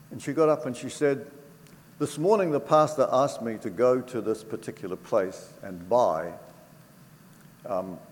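Older guy sharing his faith story, lowish voice, earnest and heartfelt, echoey hall w/ a bit of noise. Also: a little mellow. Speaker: speaker giving testimony. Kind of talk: personal faith testimony to an audience. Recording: reverberant hall with faint background noise.

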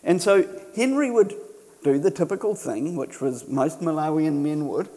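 Middle-aged male preacher, casual storytelling delivery, mellow tone, slightly raised pitch, long church reverb. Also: animated, normal speed. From New Zealand. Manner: conversational storytelling with self-deprecating humour. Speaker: missionary preacher. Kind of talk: sermon.

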